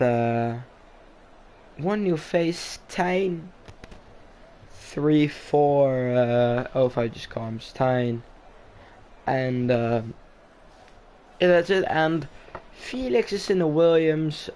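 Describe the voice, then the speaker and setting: A man doing casual live-stream commentary on a sim racing league, rambling with many fillers and pauses. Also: mid-range voice, darkish tone, a little hiss or hum.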